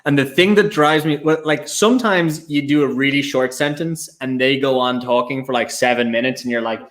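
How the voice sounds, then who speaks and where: A man's voice: medium pitch, a little fast, few pauses, a bit bright. A young Irish man, a whiskey ambassador on a panel, telling self-mocking anecdotes in a loose, restarting way. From Ireland. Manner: rambling storyteller, many fillers and restarts, self-mocking laughs. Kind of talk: casual anecdotal chat.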